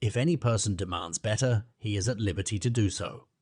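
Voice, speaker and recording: A man's voice: lowish voice, a little fast, a little mellow, dry recording, clean studio sound, close to an everyday voice. A man reading the part of a gloomy, anxious older woman in an audiobook. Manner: plaintive, anxious. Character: gloomy, unhopeful older countrywoman.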